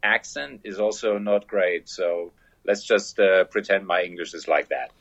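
A man's voice: low voice, measured pace, a bit bright. A German man with a German accent, a guest musician being interviewed over a remote line, apologetic and good-humoured. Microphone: remote call line. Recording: dull lo-fi call line.

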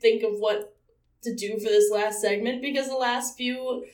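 A woman's voice: fairly high pitch, fairly even intonation, normal speed, a little mellow, roomy sound, recorded from a distance. A young woman co-hosting a casual podcast, giggly and swearing freely as she tells stories. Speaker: podcast co-host.

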